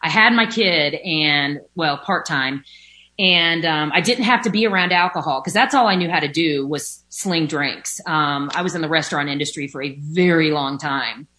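Woman, recovery testimony, candid and conversational, lowish pitch, forceful tone. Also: normal speed. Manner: candid and conversational, with frequent fillers and occasional swearing. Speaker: recovering alcoholic sharing her story. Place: at home by a sunny window.

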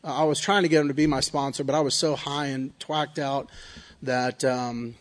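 A man's voice: mid-range voice, fairly even intonation, moderate pace. Earnest man sharing his testimony. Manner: earnest, confessional, keeps asking "right?". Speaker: recovery speaker. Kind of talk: personal testimony talk.

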